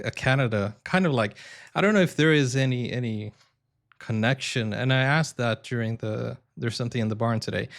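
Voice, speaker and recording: A man who is an English teacher and a native Portuguese speaker, chatting casually and hesitantly as a reaction video host. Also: medium pitch. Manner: chatty, hesitant, many ums and self-corrections.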